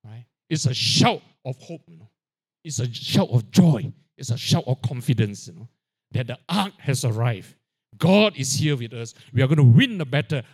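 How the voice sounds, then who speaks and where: Lively preaching man, forever asking "right?". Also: mid-range voice. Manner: animated preaching, constant "you know, right?" tags; drops to a quiet aside on filler tags. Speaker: pastor. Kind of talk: sermon.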